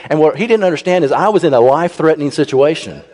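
A man's voice: a little high, quick pace. Man telling a story in a reverberant hall. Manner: animated, raises his voice when he quotes people. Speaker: speaker telling a personal story to a congregation. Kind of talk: humorous storytelling sermon. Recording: long reverb in a large hall.

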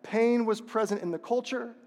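A man's voice: extremely high pitch, normal speed, a little mellow. A man preaching a sermon as a pastor, passionate and repetitive, asking the congregation rhetorical questions. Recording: long reverb of a large hall.

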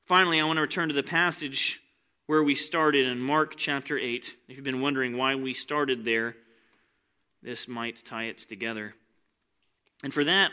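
A man preaching a sermon in a church, animated and conversational, with asides to the congregation. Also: medium pitch. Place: church sanctuary with rows of seats.

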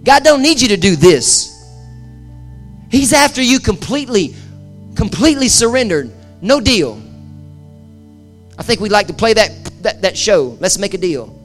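A male pastor with a notably high voice delivers a passionate sermon to his congregation. He repeats phrases for emphasis and swings between forceful cries and quiet, intimate asides. Soft music plays faintly beneath him. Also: very animated, normal speed, long pauses. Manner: impassioned, swings from loud to hushed, repeats phrases. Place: church service with live audience.

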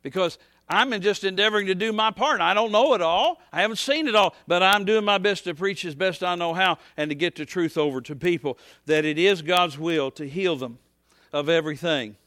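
A man preaching a folksy, rambling sermon as pastor, dropping to soft asides and rising to shouts. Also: high voice, brisk, dry recording, clean studio sound.

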